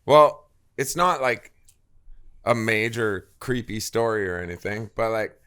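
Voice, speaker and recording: A man's voice: on the low side, lively intonation, measured pace, bright, forceful tone, clear, resonant tone. A man co-hosting a podcast, chatting in a laid-back way, laughing often and swearing casually. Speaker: podcast co-host. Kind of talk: casual chat.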